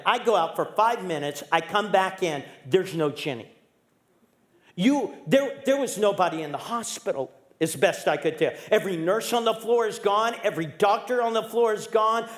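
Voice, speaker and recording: High-voiced older man preaching a story. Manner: vivid storytelling, acting out quoted voices, dropping low and quiet for serious moments. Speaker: pastor. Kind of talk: sermon storytelling. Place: church sanctuary. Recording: echoey church sanctuary.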